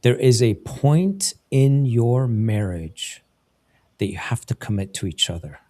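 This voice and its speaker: A man in his fifties hosts a live interview show and speaks slowly and deliberately. His voice sits at an ordinary pitch, and he gives advice in an earnest, reflective way. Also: lively intonation, darkish tone. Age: 50s. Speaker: host.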